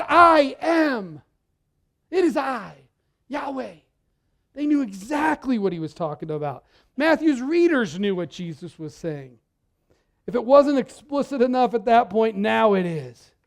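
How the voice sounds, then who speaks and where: In a very high voice, a male pastor delivers a sermon in a church. He speaks in a lively, conversational way, repeating words frequently.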